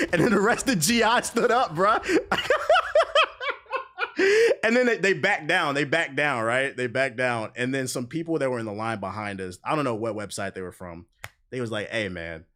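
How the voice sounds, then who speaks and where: A man's voice: a little high, normal speed, fairly bright tone. A man streaming a game while telling a long story in casual, slangy, profane speech. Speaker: gaming streamer.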